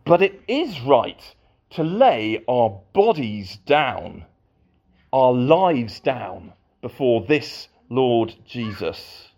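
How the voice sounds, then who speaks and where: A man's voice: mid-range voice, big pitch swings, extremely slow, a little mellow, lo-fi sound. A man preaching a sermon to a congregation, with playful asides.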